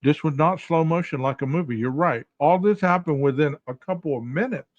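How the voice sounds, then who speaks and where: A man's voice: on the high side, a little fast, lo-fi sound. A man hosting a casual commentary podcast, asking his listeners rhetorical questions directly. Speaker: podcast host.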